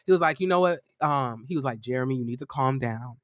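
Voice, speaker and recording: A man voicing his calm ex-boyfriend who slowly talks him down. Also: mid-range voice, no echo, studio quality, voice pushed down, close to an everyday voice. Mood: soothing. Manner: slow, calming, lecturing. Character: soothing male ex-boyfriend, calm and serious.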